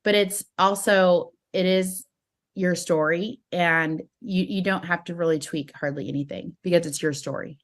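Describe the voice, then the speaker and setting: A woman's voice: fairly low pitch, normal speed. Upbeat woman giving a sales training talk. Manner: upbeat, animated, smiling delivery. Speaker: network marketing trainer. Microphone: phone.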